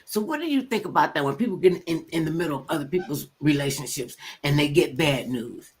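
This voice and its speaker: An older woman hosting a talk show, telling stories in blunt, animated casual chat and acting out quotes. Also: sits low, brisk.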